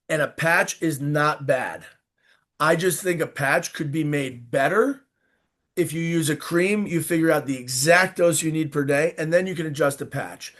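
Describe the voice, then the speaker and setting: A man with a somewhat high voice answers interview questions as a visiting doctor. He speaks informally and plainly, pressing his key points with firm emphasis. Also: a bit bright. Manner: emphatic, informal, direct advice. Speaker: doctor and guest expert.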